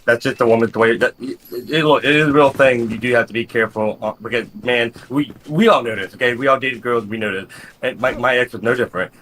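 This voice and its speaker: A man's voice: mid-range voice, fast talker, fairly bright tone, a little hiss or hum. A young man in casual chat with friends, blunt, swearing freely and repeating his points.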